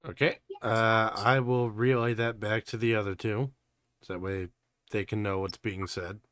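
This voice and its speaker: A man's voice: on the low side, steady tone, moderate pace, fairly bright tone, no room sound, studio quality. A man playing a tabletop game, talking casually and hesitantly, thinking aloud with fillers. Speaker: player.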